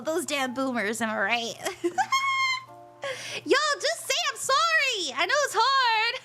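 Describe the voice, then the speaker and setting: High bright-voiced woman chatting on stream. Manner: chatty, jokey, laughs often. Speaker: tarot-reading streamer. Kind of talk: casual livestream chat, reading chat.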